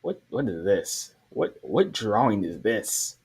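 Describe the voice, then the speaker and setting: A man's voice: fairly low pitch, big pitch swings, slow, creaky, breathy edge. A man giving casual reaction commentary on a comic. He rambles, restarts his sentences often and keeps asking questions in disbelief. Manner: rambling, with many restarts and fillers; incredulous, questioning.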